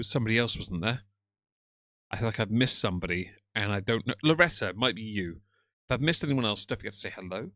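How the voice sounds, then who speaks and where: A man's voice: medium pitch, sharp tone, dry recording. A man hosting a live stream, chatting casually with viewers and teasing the video he is watching. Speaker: livestream host reacting to a video.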